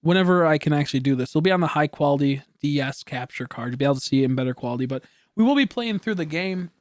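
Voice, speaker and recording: Rambling young man, slightly high voice. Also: expressive, fast, no echo, studio quality. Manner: rambling, self-correcting, swears casually. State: coughing now and then. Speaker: streamer. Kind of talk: casual chat.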